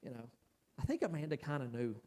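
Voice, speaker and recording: A man giving an emotional personal testimony as a church speaker, telling his story in a halting way. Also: medium pitch, big pitch swings, a little mellow. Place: church sanctuary. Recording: reverberant church hall.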